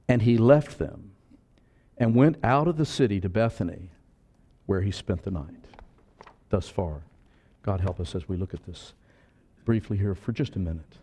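A male pastor preaching a sermon, swinging between loud emphasis and soft asides, with joking comments along the way. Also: on the low side, moderate pace, long pauses, slightly rough.

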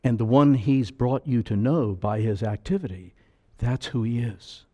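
A man preaching a sermon with fervor, swelling loud on key phrases and dropping low again. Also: measured pace.

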